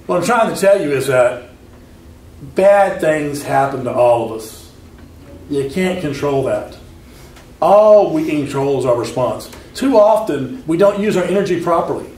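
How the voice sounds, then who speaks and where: A man in his fifties giving a personal story talk, animated, acting out the voices in his stories. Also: on the high side, unhurried, a little hiss or hum. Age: 50s. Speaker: speaker. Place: lecture hall. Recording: echoey hall, from far off.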